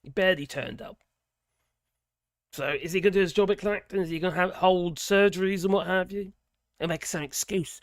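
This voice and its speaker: An English man hosts a livestream, rambling through casual commentary in a sardonic manner with wry laughs. His voice is high-pitched and steady in tone, fairly quick, and the close, dry recording has no echo.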